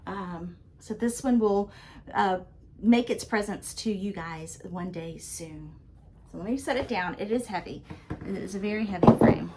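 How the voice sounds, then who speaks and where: Middle-aged woman, friendly crafting vlogger, excited and chatty, talks straight to camera from a small room. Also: medium pitch. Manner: chatty and enthusiastic, with frequent ums. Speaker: cross stitch vlogger. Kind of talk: casual chat to camera. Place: small dark room lit by lamps, indoors.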